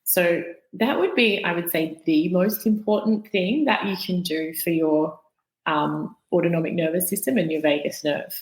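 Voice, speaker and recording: A woman with a fairly low voice talks as a guest expert on a podcast. She teaches calmly and patiently and builds her points from everyday situations. The room around her gives a noticeable echo. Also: moderate pace. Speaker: guest expert on the nervous system. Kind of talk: explanatory podcast interview.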